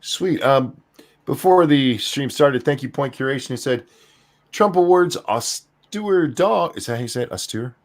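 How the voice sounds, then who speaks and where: An older man hosting a casual podcast chat, relaxed and rambling with fillers. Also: mid-range voice, unhurried. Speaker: host.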